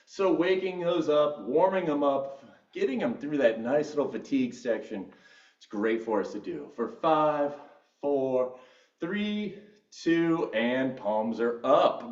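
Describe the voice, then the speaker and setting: A male fitness instructor cueing a live workout class, upbeat and encouraging as he counts down reps. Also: a little high. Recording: roomy echo, distant mic, dull sound.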